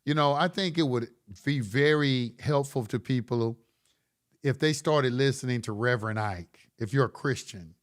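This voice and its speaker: A man's voice: mid-range voice, moderate pace. A middle-aged man hosting a late-night livestream, talking bluntly and profanely in a preachy way that rises to impassioned. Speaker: online course host.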